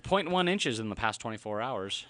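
A man's voice: mid-range voice, sing-song, normal speed, sharp tone. A man co-hosting a radio show, rambling and joking in casual studio banter.

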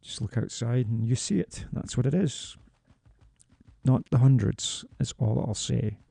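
Gravelly, dark-voiced man DJing over music. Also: medium pitch, lively intonation, unhurried, no room sound. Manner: chatty, jokey, talks to himself. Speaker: radio DJ. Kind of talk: casual radio back-announcing. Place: small radio studio. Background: music playing underneath.

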